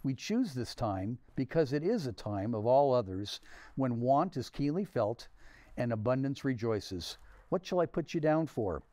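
A man reading aloud, voicing a polite, formal portly gentleman asking for charity. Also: medium pitch, very animated, a little slow, no echo. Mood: courteous. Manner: courteous, formal.

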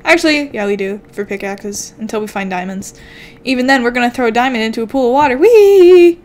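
A woman's voice: on the high side, fast talker, slight background noise. A young woman chatting playfully to herself while commenting on her game as a channel host. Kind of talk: casual gameplay commentary.

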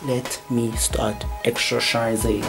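A man's voice: medium pitch, little pitch movement, slow pace, gravelly, music in the background. Chatty young man vlogging. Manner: chatty and playful, full of "like" and asides. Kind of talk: casual vlog chat. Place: room at home.

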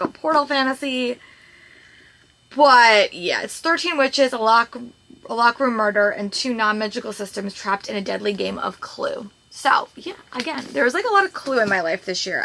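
A chatty woman talks straight to her viewers in a casual book vlog. Her voice is bright and forceful, with a gravelly fry running through it. She rambles a little, restarting sentences and leaning on fillers. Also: on the high side, a little hiss or hum. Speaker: book vlogger. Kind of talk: casual reading vlog chat.

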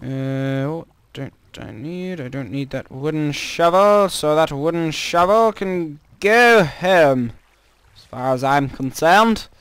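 Jokey let's-play guy, smooth voice. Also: fairly high pitch, slow pace, a bit bright. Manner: chatty, jokey, easily startled. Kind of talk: casual gameplay commentary.

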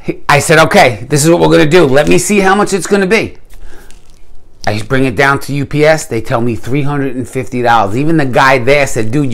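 A man's voice: fairly high pitch, fairly bright tone. A man hosting his own gear channel, talking casually and animatedly to camera, venting in a rant and then showing off knives with slangy enthusiasm. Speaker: YouTube gear channel host.

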